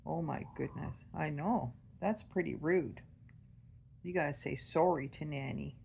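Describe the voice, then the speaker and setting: A woman's voice: sits low, unhurried, vocal fry, darkish tone, slight background noise. A woman filming on her phone, laughing and playfully scolding her pet bird. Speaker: parrot owner filming. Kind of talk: casual home video chat. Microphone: phone camera held by the speaker.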